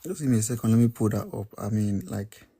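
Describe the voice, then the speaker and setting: A man's voice: on the low side, quick pace, creaky, mellow, slightly rough. Earnest man defending his point. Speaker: podcast co-host. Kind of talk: casual debate.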